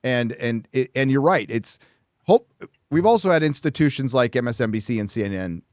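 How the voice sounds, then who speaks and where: A man hosting a live talk show, blunt and profane in casual political chat. His voice is mid-pitched and comes across dry and close, with no room sound. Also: expressive, fairly quick, darkish tone, no echo. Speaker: host.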